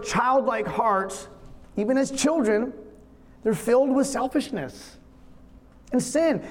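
A man preaching a sermon in an earnest, conversational, storytelling manner. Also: high-pitched. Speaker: pastor. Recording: long reverb of a large hall.

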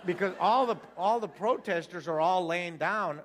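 Man telling a lively personal story. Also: sits high, moderate pace. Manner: lively, acts out voices, laughs, repeats himself. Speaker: storyteller giving a personal testimony.

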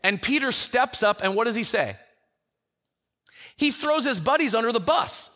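A man teaching a Bible study in a conversational way, telling the story with lively acted-out quotes. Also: extremely high pitch, normal speed, long pauses, big-room sound. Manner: animated storyteller who acts out the quotes.

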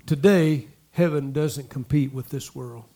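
A man preaching a sermon, talking to the congregation in asides and repeating lines as he builds to loud exhortation. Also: medium pitch, measured pace. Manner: impassioned, repetitive preaching that swells to loud exhortation. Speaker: pastor.

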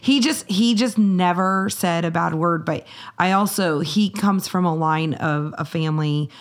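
A woman's voice: fairly low pitch, a little slow. A woman in her forties co-hosting a podcast, telling family stories in a casual chat and laughing easily. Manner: laughs easily, lively retelling. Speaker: podcast co-host.

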